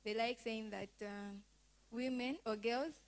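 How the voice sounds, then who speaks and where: A woman's voice: fairly high pitch, steady tone, unhurried. A woman, a participant in a class, asking a question. She speaks hesitantly, repeating words as she gathers her thoughts.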